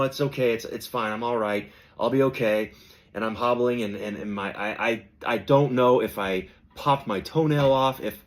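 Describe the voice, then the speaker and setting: A man hosting a podcast, telling a personal story in a casual, animated way and acting out the voices of people he quotes. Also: on the low side. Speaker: podcast host.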